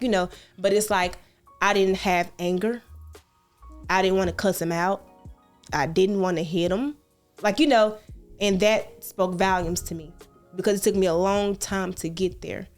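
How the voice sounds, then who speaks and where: Woman co-host, earnest, repeats herself; faint music behind. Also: on the low side. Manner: earnest, repeats phrases, reassuring, animated storytelling. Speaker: podcast co-host. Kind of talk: casual heartfelt podcast chat.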